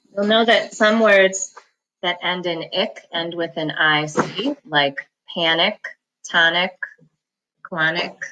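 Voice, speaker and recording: A woman teaching a reading lesson, slowly sounding out words and syllables and pausing for the listener to repeat them. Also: lowish voice, bright, forceful tone, lo-fi sound. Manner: slow, patient enunciation of words and syllables; repeats each word for the listener to echo. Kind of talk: phonics lesson, slow and clear.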